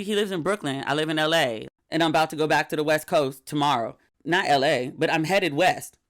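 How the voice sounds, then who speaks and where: Chatty woman hosting her own podcast. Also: low-pitched. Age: middle-aged. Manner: chatty, candid, acts out quoted friends in animated voices. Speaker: podcast host. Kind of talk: casual solo podcast chat.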